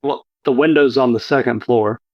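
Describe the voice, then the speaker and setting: Relaxed male game master. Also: mid-range voice, moderate pace, no room sound, lo-fi sound. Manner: relaxed, descriptive, with many fillers. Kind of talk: narrating a tabletop game.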